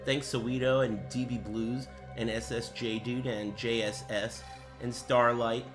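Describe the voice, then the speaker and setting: Man, streamer, crude rambling banter, unhurried delivery. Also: mid-range voice, little pitch movement, over music. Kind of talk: casual livestream chat.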